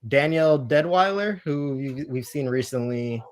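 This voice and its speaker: A man's voice: medium pitch, expressive, normal speed. A man in casual podcast conversation with a mid-range voice. His delivery is easygoing and loose, and it is full of fillers and small restarts. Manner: easygoing, filler-heavy, many "like" and "um". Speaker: guest reviewer on a podcast.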